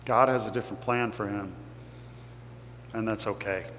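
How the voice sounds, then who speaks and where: A man's voice: lowish voice, steady tone, moderate pace, fairly bright tone. A man from Kentucky with a Kentucky accent, giving an earnest, emotional motivational talk to an audience. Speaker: guest speaker. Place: large hall with audience. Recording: echoey hall with faint hum.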